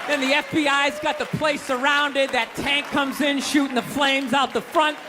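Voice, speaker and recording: A man doing a stand-up routine on a comedy club stage, ranting loudly and exasperatedly with plenty of profanity. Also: extremely high pitch, little pitch movement, moderate pace, music in the background. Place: comedy club stage before a live audience. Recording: live stage recording with crowd laughter and noise.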